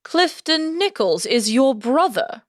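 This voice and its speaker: A woman voicing a courteous gentleman who delivers bad news formally and solemnly. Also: sits high, sing-song, takes it slowly, no echo, clean studio sound, voice pushed up, heavily acted. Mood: grave.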